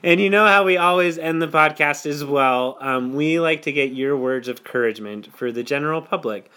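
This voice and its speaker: A man's voice: a little high, brisk, sharp tone. A man hosting a podcast, chatting casually, laughing often and reading playful rhyming verse. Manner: giggly, reads playful rhymes. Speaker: podcast host.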